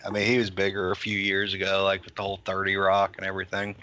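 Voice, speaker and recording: A man's voice: sits low, monotone, fast, pushed and bright, highs cut off. A man co-hosting a movie podcast, chatting casually and laughing easily. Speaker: podcast co-host. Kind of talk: casual chat.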